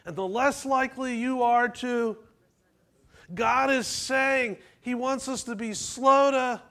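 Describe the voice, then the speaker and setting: High-voiced pastor asking questions. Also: male voice, sharp tone. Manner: asks the congregation questions, conversational. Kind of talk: sermon. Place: church.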